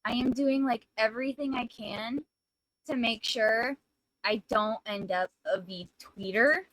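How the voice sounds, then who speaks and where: A woman streaming as a VTuber, chatting casually in a rambling, flustered way, apologizing and breaking into loud outbursts. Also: on the high side, slow pace, no room sound, rough recording. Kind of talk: casual live-stream chat.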